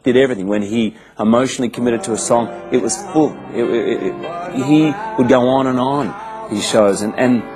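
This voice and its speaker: A man, telling animated stories in a casual interview with frequent restarts. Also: mid-range voice, music in the background, low-quality recording. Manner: animated storyteller, quick restarts. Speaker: interviewed actor.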